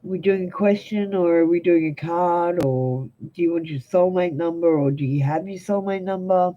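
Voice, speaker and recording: A woman's voice: fairly low pitch, moderate pace, few pauses, warm tone, muffled recording. A young Australian woman reading tarot live for viewers, giving blunt, direct advice. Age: young adult. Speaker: tarot reader.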